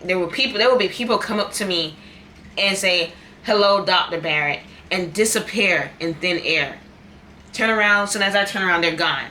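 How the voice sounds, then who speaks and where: A woman's voice: mid-range voice, moderate pace, sharp tone, a little hiss or hum. A young woman in a casual eating vlog, talking candidly and repeating herself for emphasis. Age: young adult. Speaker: vlogger. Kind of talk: casual chat while eating.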